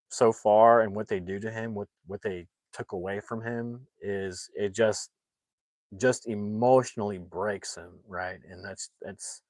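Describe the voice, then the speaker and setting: A man's voice: lowish voice, no echo. A man hosting a livestream, casually retelling a film's plot in a rambling way with many restarts and acting out the characters' lines. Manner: animated, acts out the characters' lines. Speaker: movie reviewer and livestream host.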